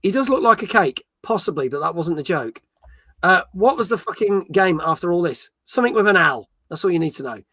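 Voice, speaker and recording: A man hosts a casual gaming live stream, reading out viewer comments and scores. His voice sits high and sounds sharp and bright. It is recorded close and dry, with no room sound. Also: sing-song, a little fast, no echo. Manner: joking, reads viewer comments aloud. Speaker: podcast host reading chat.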